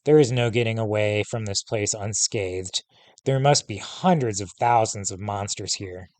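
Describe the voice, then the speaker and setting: Brief: anxious teen girl twin, sharp worried retorts, read by a man. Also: on the low side, normal speed, dry recording, lightly acted. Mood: grim.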